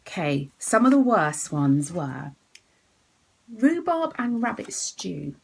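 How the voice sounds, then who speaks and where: A woman hosting her knitting podcast from home, chatting and giggling, often dropping into a soft whisper. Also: lowish voice, very animated, takes it slowly, vocal fry, husky, rough recording. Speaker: podcast host. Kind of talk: casual chat about knitting.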